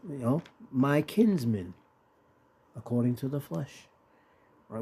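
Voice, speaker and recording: A man teaching from scripture in a loose, conversational way. He reads verses aloud and keeps checking in with his listener. His voice is husky and mellow, at a middle pitch. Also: slow. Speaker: Bible teacher.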